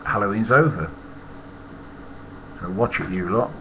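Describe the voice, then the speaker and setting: Man, former lorry driver, blunt, profane, rambling, lowish voice, muffled lo-fi sound, faint room noise. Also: a little slow. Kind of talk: casual storytelling monologue.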